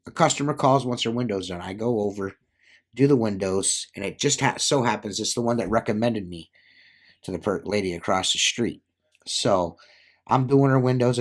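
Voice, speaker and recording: Rambling man telling a work story. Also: mid-range voice. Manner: rambling, filler-heavy, acts out quoted dialogue. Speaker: window cleaner. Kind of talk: casual storytelling chat.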